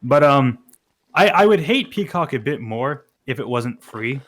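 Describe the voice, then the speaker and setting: A man's voice: medium pitch, lively intonation, unhurried. A young man, co-hosting a podcast with dry joking asides. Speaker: podcast co-host. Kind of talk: casual chat.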